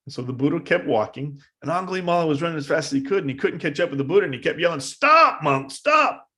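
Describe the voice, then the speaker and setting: A man giving a dharma talk at a live meditation service, telling a story in a casual, halting way with many fillers. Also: fairly high pitch. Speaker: meditation teacher.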